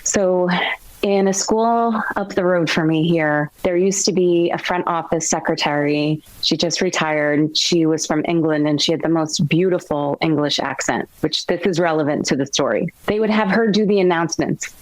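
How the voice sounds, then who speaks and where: A woman being interviewed as a grammar expert, telling lively classroom stories. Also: low-pitched, normal speed, no room sound, low-quality recording. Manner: storytelling, animated quotes. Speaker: guest, grammar expert and author. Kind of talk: interview conversation.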